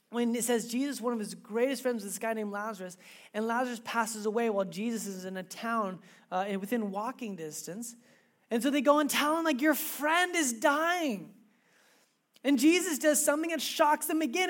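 A woman preaching a sermon in a casual, animated storytelling way with asides. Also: fairly high pitch, normal speed.

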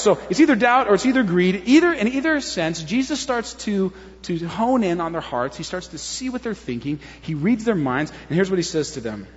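Animated preacher in an echoing hall. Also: male voice, sits high, fairly quick, hardly any pauses, lo-fi sound. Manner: animated, acts out crowd voices, conversational asides. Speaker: pastor. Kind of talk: sermon.

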